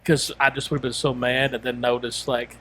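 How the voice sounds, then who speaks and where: A man's voice: medium pitch, level tone, fairly quick, a bit bright, slightly rough. A man co-hosting a podcast, telling a long story in casual chat and rambling through quoted asides and restarts. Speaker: podcast co-host.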